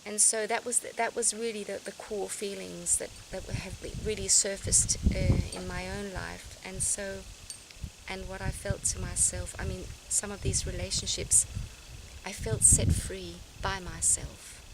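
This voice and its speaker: In an unhurried, level, medium-pitched voice, a woman speaks reflectively to camera for her personal vlog. She sounds earnest and searching and often restarts her sentences, while outdoor noise runs underneath.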